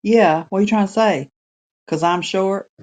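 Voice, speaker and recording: A woman's voice: medium pitch, moderate pace, a little mellow. A woman co-hosting a casual livestream chat, joking and laughing. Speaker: co-host.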